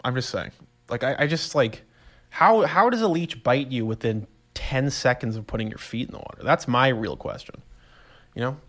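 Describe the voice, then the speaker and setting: A young man, casually rambling through a solo podcast story, animated and self-amused. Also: mid-range voice, moderate pace. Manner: rambling, animated storytelling with laughs and voiced reactions. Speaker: podcast host.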